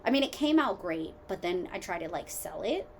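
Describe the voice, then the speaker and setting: A woman's voice: lowish voice, a little fast, gravelly, a little hiss or hum. Rambling woman podcast host at home. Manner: rambling, tangent-hopping, filler-heavy; animated, swings between loud asides and quiet mutters. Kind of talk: casual solo podcast chat.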